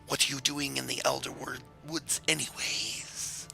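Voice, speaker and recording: A man's voice: mid-range voice, steady tone, a little slow, vocal fry, bright, forceful tone, faint music behind, full character voice. A man voicing a touchy, skeptical male fae mage who speaks with dry sarcasm.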